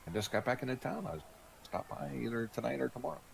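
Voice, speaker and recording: Low gravelly guy, lively pitch, laid-back player. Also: quick pace, slight background noise. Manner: easygoing, laughs often. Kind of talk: in-character tabletop role-play.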